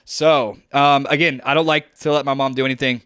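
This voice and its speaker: Smooth-voiced young man rambling casually. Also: medium pitch, fairly even intonation, a little fast, a bit bright, no echo, studio quality. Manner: rambling, joking, heavy on fillers. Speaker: podcast co-host. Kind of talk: casual podcast chat. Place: at home on a video call.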